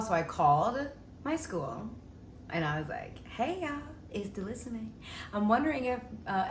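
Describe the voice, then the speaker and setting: Chatty young woman in an echoey room. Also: mid-range voice. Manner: animated, chatty, acts out quoted people. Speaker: vlogger. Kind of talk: casual storytelling vlog. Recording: echoey room with faint noise.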